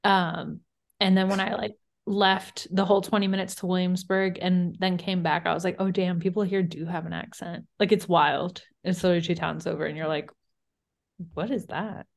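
Her lowish voice has vocal fry and a level tone as this young Virginia co-host, lightly Southern, moves a little fast through a relaxed podcast conversation. She laughs often and leans heavily on "like."

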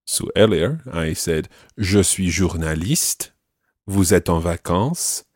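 A man with a very low voice teaches French phrases and repeats each one slowly. The sound is dry and close. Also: lively intonation, a little mellow, no room sound. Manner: slow careful repetition of phrases. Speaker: language teacher.

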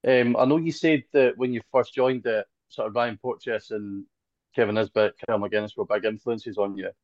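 A man's voice: fairly low pitch, steady tone, moderate pace, a little mellow, dry recording. A man hosting a podcast, asking questions in a teasing, easygoing way. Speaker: podcast host. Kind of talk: casual podcast interview. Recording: dry, dull lo-fi sound.

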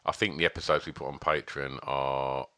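A man's voice: rumbling low, steady tone, normal speed, pushed and bright, clear, resonant tone, no echo. A man co-hosting a podcast, chatting casually with dry, teasing banter. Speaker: podcast co-host. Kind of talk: casual chat.

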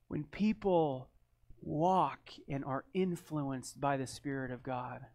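A man who is a pastor, preaching a sermon earnestly and telling a personal story in a conversational way, often repeating words as he starts phrases. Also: a little high.

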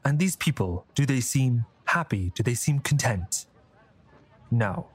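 Calm, caring woman leader, as a man reads her. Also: mid-range voice, unhurried, slightly rough. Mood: probing.

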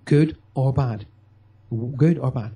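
A man's voice: medium pitch, slow, dark tone, husky. A man giving an emphatic motivational talk, acting out quotes in a radio-style chat. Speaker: guest speaker.

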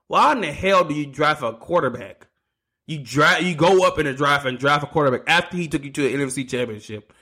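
A man's voice: medium pitch, pushed and bright. A man hosting his own sports podcast, ranting heatedly, swearing and stumbling over his words. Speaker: podcast host. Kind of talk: solo sports podcast rant.

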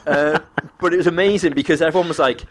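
A man's voice: a little high, fairly even intonation, fast, crowd noise. A man telling a rambling, laugh-filled anecdote in casual chat, acting out other people's voices as he goes. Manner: rambling, laughing often, acts out quoted voices.

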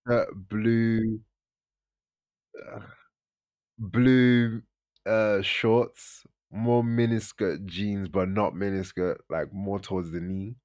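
A man's voice: fairly low pitch, steady tone, drawn-out words, a little mellow. A young man, casually telling a story on a podcast and acting out his friends' lines in raised voices. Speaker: podcast host.

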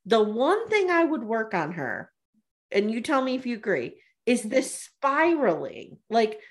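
A woman's voice: a little high, big pitch swings, unhurried. A woman co-hosting a podcast, retelling reality TV scenes in casual chat and laughing often. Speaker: podcast co-host.

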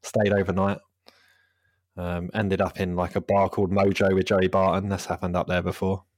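A man's voice: deep voice, completely flat delivery, moderate pace. A man hosting a casual football podcast, rambling and laughing often. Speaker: podcast host.

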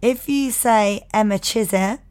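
A woman's voice: medium pitch, unhurried, darkish tone, clean tone. A woman co-hosting a podcast in casual chat, rambling and self-deprecating, sitting back from the mic in a home cinema room. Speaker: podcast co-host. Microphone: sitting back from the microphone.

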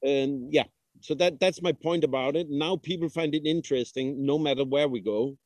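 A middle-aged man speaking English as a guest, his voice a little higher than most men's. He thinks aloud, pausing on "uh" and restarting small phrases. The recording is dry and close. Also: a little mellow, no room sound. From Denmark. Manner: thoughtful, with frequent "uh" pauses and small slips. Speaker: guest, traveling father. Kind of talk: casual interview conversation.

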